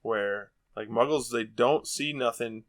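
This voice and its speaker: A man's voice: medium pitch, measured pace. A man hosting a casual book podcast, rambling and laughing a lot as he talks. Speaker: podcast host.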